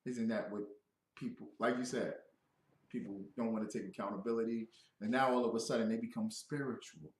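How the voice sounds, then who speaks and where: A man giving a loud, joking scripture lesson who quizzes his listeners. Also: fairly low pitch, steady tone, fairly quick, reverberant. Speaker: scripture teacher. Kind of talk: animated scripture breakdown.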